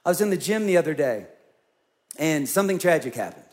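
A man's voice: a little high, sing-song, fairly quick, a little mellow. A male pastor preaching a conversational sermon, acting out voices in his storytelling. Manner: conversational, acts out quoted voices.

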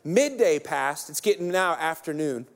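A man in his thirties, a pastor preaching a sermon as an energetic, joking storyteller. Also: fairly high pitch, measured pace.

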